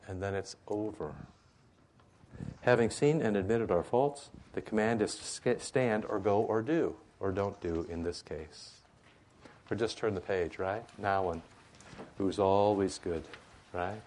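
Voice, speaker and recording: A man's voice: deep voice, unhurried, darkish tone. A man teaching a Bible study in a conversational way, with frequent rhetorical asides.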